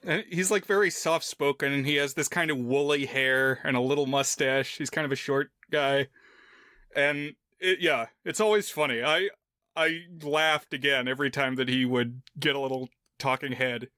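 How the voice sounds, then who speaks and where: Bright, smooth-voiced male podcaster. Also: medium pitch, fairly even intonation, normal speed, dry recording, clean studio sound. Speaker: podcast co-host. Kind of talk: casual film discussion.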